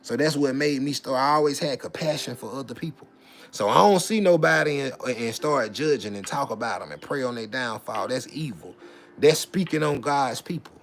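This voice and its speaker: A man giving a casual, preachy monologue, swinging between loud preaching and muttered asides, with repeated filler tags. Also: mid-range voice, expressive, normal speed. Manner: repeats filler tags like "you know what I'm saying". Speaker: vlogger.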